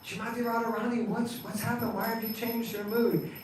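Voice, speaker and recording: A man's voice: very high voice, level tone, fairly quick, slight background noise, voice pushed up. A man voicing a group of young cowherd women who plead with a boatman and grow frightened. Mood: puzzled. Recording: echoey temple hall from a distance.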